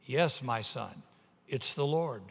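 A man voicing the calm, powerful voice of God answering from the sky. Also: on the high side, in a large hall. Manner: calm and measured.

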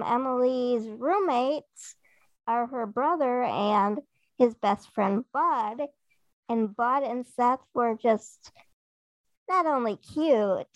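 Podcast co-host, woman, creaky gravelly voice, rambling stories, dry close mic. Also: a little high, no room sound. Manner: rambling storyteller, acts out what others said. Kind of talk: casual chat.

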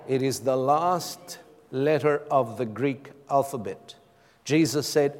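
Slow-preaching man in a reverberant hall. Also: mid-range voice. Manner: preaching with dramatic pauses, rising to emphatic calls. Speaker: pastor. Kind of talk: sermon. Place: church hall.

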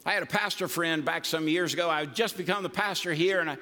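Folksy high-voiced preacher. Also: male voice, fast, sharp tone. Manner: folksy, emphatic preaching with humor. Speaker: pastor. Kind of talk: sermon. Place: church sanctuary. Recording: long reverb of a large hall.

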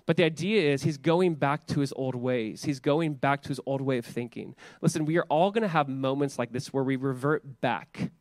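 A man's voice: mid-range voice, normal speed, hardly any pauses, darkish tone, no echo, studio quality. A man in his thirties preaching a church sermon in a casual, conversational way, often saying "like" and repeating words. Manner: conversational, repeats words, many filler 'like's. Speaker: pastor.

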